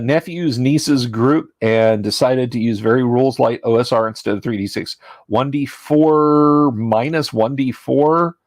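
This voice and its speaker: A man's voice: mid-range voice, dry recording. A man hosting a casual livestream as game master, talking in a rambling, chatty and self-deprecating way, his voice tired from talking all day.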